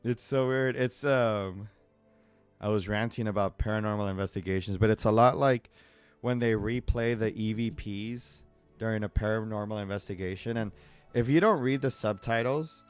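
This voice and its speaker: A man's voice: fairly low pitch, normal speed, clear, resonant tone, no echo, faint music behind. A man live-streaming as he draws, chatting casually in a rambling, digressive way and laughing often. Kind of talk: casual chat while drawing.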